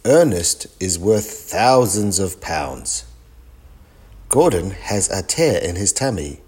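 A man voicing a calm antiques expert in a storybook reading, measured and appraising. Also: sits low, slightly rough, exaggerated voice. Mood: impressed.

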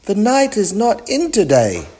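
A man voicing a frightened male knight in a children's storybook read-aloud, with a squeaky, flustered, raised voice. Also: wildly swooping pitch, measured pace, darkish tone, full character voice.

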